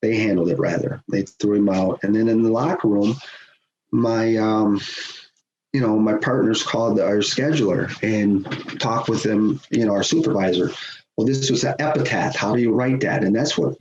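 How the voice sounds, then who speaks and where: A middle-aged man, a guest on a podcast, telling a personal story in a lively conversational way, chuckling as he goes. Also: on the low side, moderate pace. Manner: animated, acts out quoted voices, chuckles often. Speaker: podcast guest, hockey official. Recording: roomy, dull sound with faint hiss.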